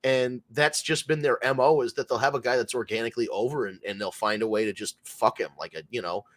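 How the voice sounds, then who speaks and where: A man's voice: medium pitch, steady tone, quick pace. A man co-hosting a wrestling podcast, telling backstage stories in a wry, profane way. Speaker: podcast co-host. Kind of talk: casual wrestling chat.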